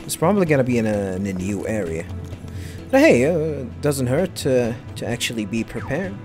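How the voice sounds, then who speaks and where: A man's voice: mid-range voice, big pitch swings, normal speed, over music. A man casually commenting on a game he plays, hesitant, with many fillers and restarts. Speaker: let's play host.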